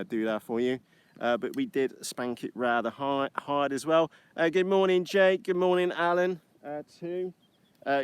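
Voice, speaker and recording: A man's voice: fairly high pitch, smooth. A British man hosting a live stream from a field, chatting casually and rambling cheekily with many uhs, recorded on an iPad. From United Kingdom. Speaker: livestream host flying model aircraft. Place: outdoors in a field.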